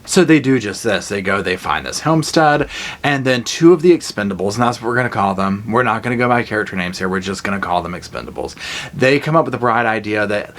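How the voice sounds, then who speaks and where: A man giving a casual, animated horror movie review, retelling scenes with blunt, jokey asides. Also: on the low side, a little fast. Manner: animated storytelling with acted-out quotes.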